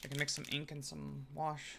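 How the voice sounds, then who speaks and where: A man's voice: fairly high pitch, monotone, moderate pace, gravelly, background noise. A young man chatting casually while he paints on a live stream, joking and explaining each step.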